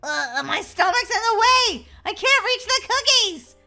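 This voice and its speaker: A woman's voice: very high voice, unhurried, soft background music. A woman hosting a gaming channel, playing a giddy pregnant mom in a game role-play with lots of giggles. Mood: giggly. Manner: giggly, bouncy, excitable.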